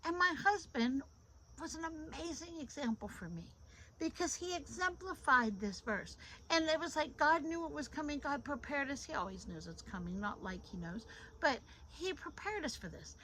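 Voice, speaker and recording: A middle-aged woman with a high voice talks informally through a devotional, recorded on a phone. She is lively and repeats phrases for emphasis. A faint hiss sits under her voice. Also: normal speed, poor audio. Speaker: devotional host.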